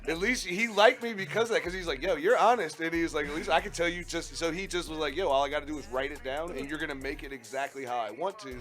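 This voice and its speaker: A man hosting a radio show, telling a rowdy story in casual chat, animated and profane, often laughing. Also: fairly high pitch.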